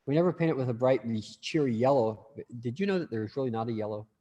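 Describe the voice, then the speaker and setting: A man's voice: mid-range voice, lively intonation, quick pace, mellow, long reverb tail, lo-fi sound. A man teaching a class in a casual, rambling way, full of restarts and asides.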